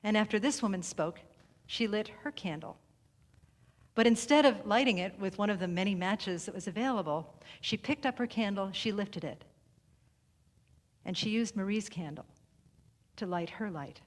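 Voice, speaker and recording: A woman delivering a sermon through a story, speaking in a measured, deliberate way with long pauses and softened phrases. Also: medium pitch. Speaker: speaker at a spiritual center service. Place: sanctuary hall. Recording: reverberant hall recording.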